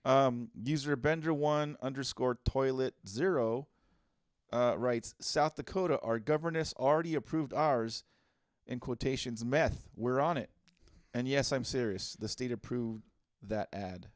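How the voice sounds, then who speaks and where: A man's voice: mid-range voice, a little slow, no room sound, studio quality. A man co-hosting a casual comedy podcast, reading out listener posts in a laid-back way. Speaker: podcast co-host.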